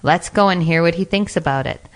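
A woman's voice: lowish voice, brisk, lightly acted. Brief: a woman playing an earnest storybook peasant, pleading tone. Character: pleading male peasant farmer.

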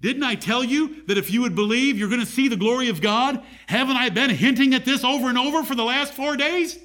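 A man's voice: very high-pitched, fairly quick, fairly bright tone, voice pushed up. A man voicing Jesus as an impatient, eager adult man, speaking in casual modern words. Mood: exasperated. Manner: exasperated, casual modern paraphrase.

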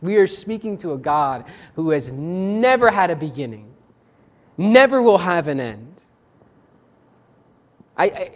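Preacher, sermon, scripture reading, emphatic then hushed, rhetorical questions, middle pitch. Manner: expressive, swings between soft low asides and raised emphatic lines; reflective, asks rhetorical questions.

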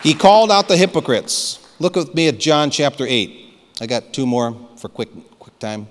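Fervent male pastor, higher voice, emphatic sermon delivery in a reverberant church hall. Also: big pitch swings, normal speed, a faint crowd, slight background noise. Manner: fervent, emphatic preaching with repeated calls to listen.

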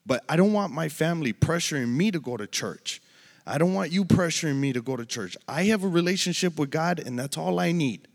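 A man's voice: a little high, animated, fairly quick, creaky, big-room sound, pitched above the performer's own voice. A man quoting his firm, insistent girlfriend.

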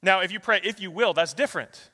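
A man preaching in a large church sanctuary, his tone bright and forceful, his voice sitting a little higher than most men's. It carries with a long hall reverb around it. He swings between loud, rushing passages and hushed, slow ones, reading scripture verses one after another. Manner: reads a long string of scripture verses in quick succession. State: out of breath. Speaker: pastor. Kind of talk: sermon.

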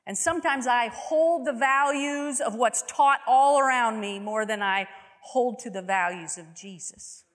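A woman's voice: fairly high pitch, measured pace, a bit bright, long reverb tail. A woman preaching a sermon, telling a story vividly and often asking her listeners rhetorical questions.

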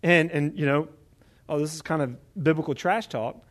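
A man preaching a Bible teaching sermon in a conversational, animated way, often checking in with the listeners. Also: fairly high pitch, fairly quick.

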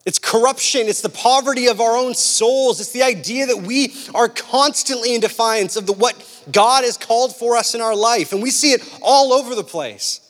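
A young male preacher with a high, light voice that rings out through a big hall with a long reverb tail. He talks in an animated, casual way, full of "like" and "right?" asides. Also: moderate pace, few pauses. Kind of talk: sermon with personal story.

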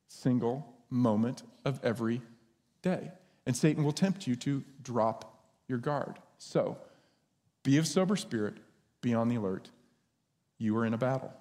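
A man preaching a sermon as pastor, conversational and lively when he tells stories. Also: mid-range voice. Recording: long hall reverb.

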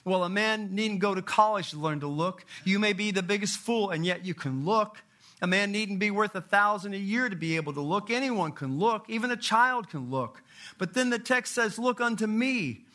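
A man acting out an old country lay preacher who shouts and repeats his plea in rustic grammar. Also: sits high, lively intonation, normal speed, pitched above the performer's own voice. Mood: pleading.

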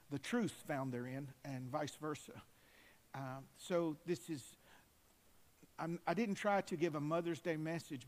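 A man pastor delivers a sermon with fervent conviction. His voice sits a little high for a man. He moves between softer asides and loud, emphatic declarations. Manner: fervent, rising to emphatic shouts.

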